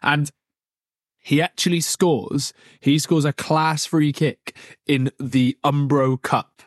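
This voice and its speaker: A man's voice: a little high, steady tone, slow, no echo, clean studio sound. Jokey man rambling about football. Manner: rambling, jokey, laughs often, many restarts. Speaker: podcast host. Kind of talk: casual football podcast chat.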